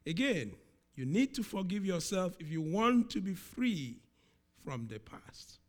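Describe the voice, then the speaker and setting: Guy giving a sermon, kinda high voice, slow and deliberate, repeats his key words. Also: very animated. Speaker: preacher.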